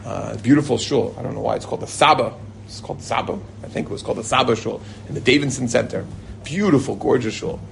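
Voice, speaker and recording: A man's voice: mid-range voice, vocal fry, a little hiss or hum. A middle-aged man teaching an informal Torah class to a live group, reading Hebrew passages and then explaining them in casual, joking English.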